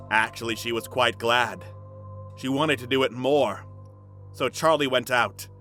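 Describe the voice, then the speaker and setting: A man's voice: mid-range voice, sharp tone. A young man reading a story aloud for laughs, breaking off with dry, mocking asides. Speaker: comedic story reader. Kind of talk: sarcastic dramatic reading with commentary.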